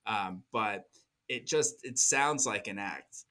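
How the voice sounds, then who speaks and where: A man's voice: lowish voice, slow, bright, forceful tone. A man co-hosting a podcast in casual chat, rambling with frequent restarts and laughs. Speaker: podcast co-host.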